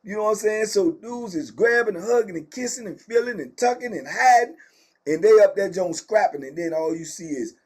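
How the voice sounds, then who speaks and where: Man, middle-aged, husky voice, high pitch, casual slangy prison story time. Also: brisk. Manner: animated, slangy, acts out quoted people. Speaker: storyteller host.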